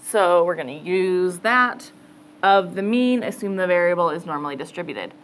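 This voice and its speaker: A woman's voice: lowish voice, animated, moderate pace, a little hiss or hum, rough recording. Chatty woman teaching a math class. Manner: casual, chatty, thinks aloud, says okay often. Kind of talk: classroom lecture. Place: classroom with students.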